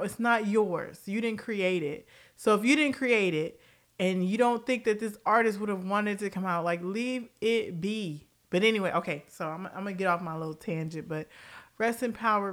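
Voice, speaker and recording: A woman hosting a casual pop-culture commentary show, blunt and profane, laughing often and jumping between tangents. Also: medium pitch.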